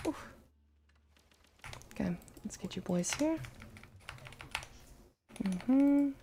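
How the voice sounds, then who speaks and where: A woman talks through a strategy game as she plays it, animated and outspoken, with the odd curse. Her voice sits slightly high and carries a gravelly fry. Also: extremely slow, a little hiss or hum. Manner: animated, blunt and swears freely. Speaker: streamer playing a strategy game. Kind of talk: live gameplay commentary.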